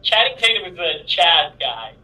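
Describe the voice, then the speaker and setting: A man's voice: on the high side, big pitch swings, moderate pace, pushed and bright, a little hiss or hum. A man on a pop-culture panel giving blunt, opinionated takes in casual chat. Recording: roomy, distant from the mic.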